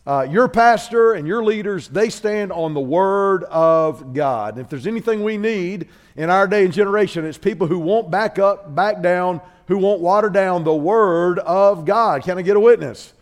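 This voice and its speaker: A man preaching a sermon in church, telling a comic story with lively character voices. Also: high-pitched, moderate pace, hardly any pauses. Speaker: guest preacher.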